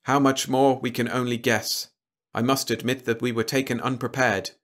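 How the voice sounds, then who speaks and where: A man voicing a calm, formal robot leader who speaks in a flat, measured, polite way, a little higher than his own voice. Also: natural voice. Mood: cold, formal.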